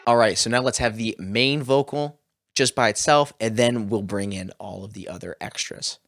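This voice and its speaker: A man's voice: lowish voice, moderate pace, a bit bright, soft background music. A man hosting a home studio tutorial, explaining his vocal mixing steps in a plain, upbeat way. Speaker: music production tutor.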